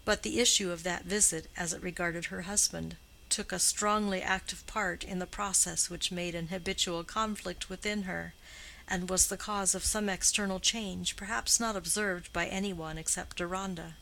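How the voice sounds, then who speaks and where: Woman narrator, audiobook reading, lowish pitch, bright clear tone, measured pace. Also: fairly even intonation, a little hiss or hum, rough recording. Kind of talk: scripted literary narration.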